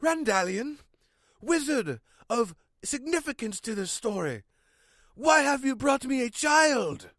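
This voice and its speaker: A man's voice: extremely high pitch, very animated, slow, fairly bright tone, dry recording, studio quality, pitched above the performer's own voice, exaggerated voice. A man voicing a regal but ditzy space queen in a comic homemade story.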